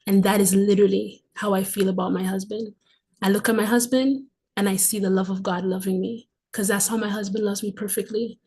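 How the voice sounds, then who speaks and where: A woman in her forties hosting a livestream, telling a heartfelt personal testimony. She is emphatic and fervent, repeats phrases for stress and slips into breathy, emotional asides. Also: mid-range voice, little pitch movement, fairly quick, dark tone. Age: 40s. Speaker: livestream host.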